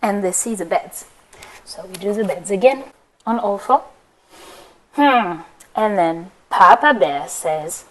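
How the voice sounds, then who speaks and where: A woman leading a children's yoga class through a story, playful and expressive, with a sing-song delivery. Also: mid-range voice, slow, long pauses, poor audio. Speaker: kids yoga teacher.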